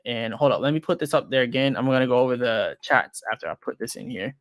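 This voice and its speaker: A man's voice: medium pitch, quick pace, dry recording, studio quality. Rambling young man streaming casually. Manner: loose and rambling, thinks aloud with many fillers and restarts; frank and self-deprecating. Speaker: crypto trading livestream host. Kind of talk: casual livestream chat, reading viewer comments.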